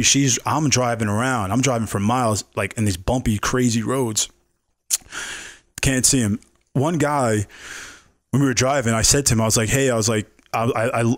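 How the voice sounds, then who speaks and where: A man's voice: medium pitch, brisk, no echo, studio quality. A man from New York City, a chef and podcast guest, telling a story in loose, rambling casual talk full of swearing and filler words.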